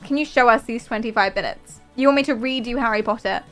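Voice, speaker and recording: A young woman streamer chatting casually and excitedly to her viewers, gushing and answering chat. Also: fairly high pitch, fast talker, hardly any pauses, faint music behind.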